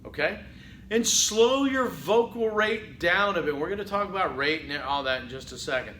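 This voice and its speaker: A man teaching a public speaking class in a conversational lecture, often saying "okay" and acting out halting speech full of fillers. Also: high voice, lively intonation, sharp tone, reverberant, a little hiss or hum, rough recording. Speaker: college public speaking instructor. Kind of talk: recorded lecture.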